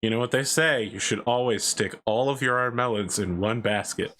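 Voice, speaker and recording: A man's voice: mid-range voice, fairly bright tone. A man playing a tabletop role-playing game, joking around in casual table banter. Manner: joking, quick asides. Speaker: player.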